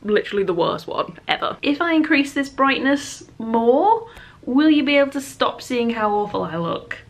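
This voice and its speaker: A woman's voice: on the high side, sing-song, moderate pace. A woman vlogging casually at home with a groggy morning voice, chatting in a self-deprecating way. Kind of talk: casual vlog chat. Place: home bedroom and office.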